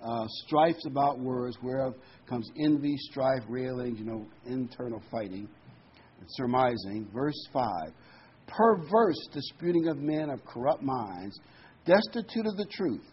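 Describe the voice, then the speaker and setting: A man preaching a sermon, talking conversationally and slowing down to read scripture with emphasis. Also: medium pitch, lively intonation, husky. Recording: dull lo-fi recording with faint noise.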